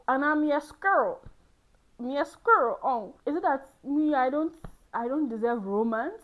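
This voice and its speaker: Lively young woman talking about love. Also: high voice, a little slow, poor audio. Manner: animated, playful, laughs often. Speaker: host on a hot seat. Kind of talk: candid personal talk on love.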